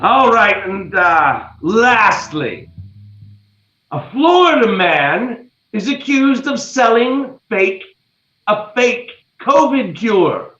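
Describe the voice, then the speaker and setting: A male host of a comedic news segment delivers his jokes dryly and slowly. His voice is high for a man and very animated. The recording sounds roomy and a little muffled. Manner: dry, deliberate punchline delivery.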